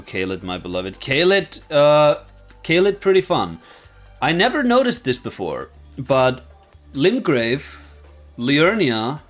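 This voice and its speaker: A man chatting casually with viewers on a livestream, thinking aloud and rambling with many fillers and restarts. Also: mid-range voice. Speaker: streamer and video essayist.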